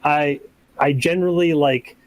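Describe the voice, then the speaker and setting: A man who runs tabletop games, talking casually on a podcast in a relaxed, rambling way and acting out examples. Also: on the high side, unhurried, poor audio. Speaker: game master.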